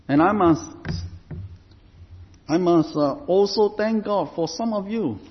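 A man with a fairly high voice preaches a sermon at an unhurried, deliberate pace. He repeats phrases as he builds each point. The recording sounds dull, and a long hall reverb trails after his words.

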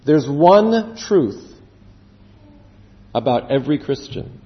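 A man preaches with dramatic swings, sinking to a hushed low voice on his key phrases and acting out the voices he quotes. His voice is lively and sits a little high. The sound is dull and muffled, with a long reverb trailing through a church hall. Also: takes it slowly. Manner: acts out quoted voices with rising pitch. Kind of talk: sermon.

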